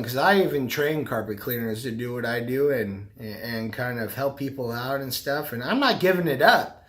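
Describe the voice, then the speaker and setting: A man's voice: medium pitch, expressive, brisk, fairly bright tone. A middle-aged man talking casually to the camera, rambling and repeating himself. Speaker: vlogger, carpet cleaner and business owner.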